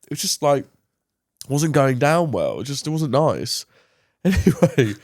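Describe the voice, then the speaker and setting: A young man chats at a middle pitch, rambling through a story and laughing as he goes. His voice sounds dry and close, with no room around it. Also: very animated, unhurried, a little mellow, dry recording. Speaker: podcast co-host, son. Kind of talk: casual chat.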